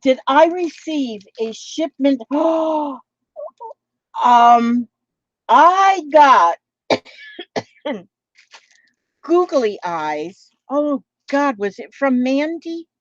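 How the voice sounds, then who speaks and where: A woman's voice: high-pitched, expressive, drawn-out words, no room sound. A woman from Minnesota with a Midwestern American accent, chatting in a rambling, playful way while she crafts and reads out viewer comments. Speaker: craft vlogger. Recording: dull lo-fi home recording.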